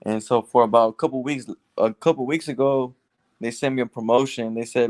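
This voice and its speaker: A man's voice: mid-range voice, fairly even intonation, fairly quick, darkish tone. A man calling in for advice, telling a long story with many restarts. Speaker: caller seeking advice. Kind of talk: casual phone conversation.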